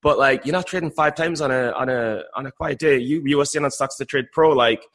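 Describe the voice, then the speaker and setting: A male podcast co-host with a mid-pitched voice, talking loosely about trading. He rambles, circles back and repeats phrases, with a jokey edge. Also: brisk, fairly bright tone, slight background noise. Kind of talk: casual podcast chat.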